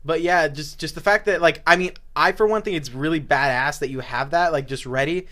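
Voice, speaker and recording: Chatty young man with a higher voice. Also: brisk, sharp tone. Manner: chatty, joking, rambling. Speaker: podcast co-host. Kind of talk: casual chat. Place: small room at a table.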